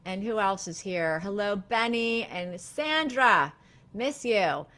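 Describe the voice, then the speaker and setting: A middle-aged woman therapist hosting a live-streamed talk, speaking gently and reflectively, with many fillers and restarts. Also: medium pitch, animated, takes it slowly. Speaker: therapist and live show host.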